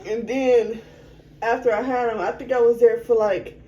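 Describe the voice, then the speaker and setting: Frank young woman, mellow voice. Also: a little high, steady tone, muffled recording. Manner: frank, conversational, quick to vent. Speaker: interview guest. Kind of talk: candid personal storytelling.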